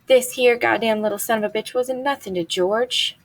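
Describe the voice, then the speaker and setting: A big, simple-minded farmhand, as a woman reading aloud gives him voice, talking in slow, plaintive, halting phrases. His voice comes out husky and breathy, like a worried child in a grown man's body. The tone stays gentle even when he is upset. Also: a little high, pitched above the performer's own voice. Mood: mournful.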